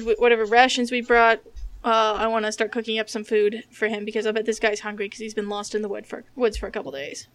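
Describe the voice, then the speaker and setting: A woman player in a tabletop game, speaking in character in a formal, gently commanding way. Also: on the high side, clear, resonant tone, no room sound.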